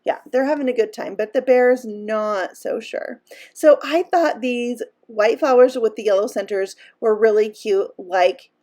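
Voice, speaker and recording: A woman's voice: a little high, unhurried, darkish tone. A woman hosting a card-making tutorial, talking chattily and upbeat as she explains each step while she works. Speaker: card-making channel host. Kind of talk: crafting tutorial voice-over.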